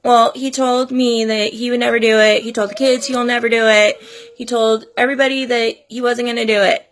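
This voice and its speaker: In an emotional personal vlog, a woman in her thirties speaks earnestly about her children and family, pleading with parents and crying at times. Her voice is fairly high, her delivery flat, and she talks fairly quickly.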